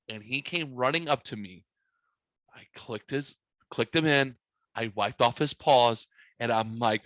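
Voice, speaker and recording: Animated, swearing man telling a story. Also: medium pitch, a little slow, dry recording. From United States. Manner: animated storytelling, heavy swearing, acts out his own yelling. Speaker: podcast host. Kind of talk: casual podcast chat.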